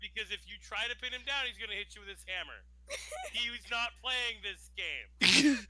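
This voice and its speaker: A man playing a tabletop role-playing game, loudly protesting and joking with his friends. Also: high voice, animated, moderate pace, poor audio. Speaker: player.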